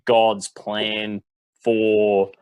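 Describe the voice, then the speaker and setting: A man's voice: on the low side, flat delivery, drawn-out words, darkish tone, clean tone, dry recording, rough recording. A man from New Zealand in a casual panel debate, rambling loosely with fillers and easy laughs.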